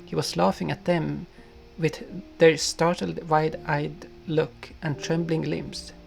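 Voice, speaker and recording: A man narrating a storybook in a gentle, unhurried manner. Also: a little high, flat delivery. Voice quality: gravelly. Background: soft guitar music.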